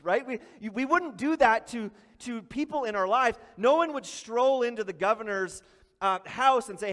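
A man's voice: high voice, very animated, moderate pace, a bit bright, big-room sound. A male pastor preaching a sermon in a conversational way, acting out short asides.

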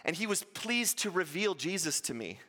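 A man preaching a sermon with animated delivery, often acting out the voices of the people he quotes. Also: high voice, normal speed. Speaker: pastor. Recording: hall reverb.

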